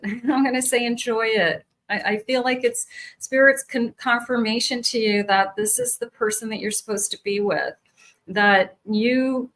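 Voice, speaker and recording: Slow-speaking woman giving a tarot reading. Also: fairly high pitch, a bit bright. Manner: slow, soothing, searching for words with many restarts. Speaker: psychic tarot reader.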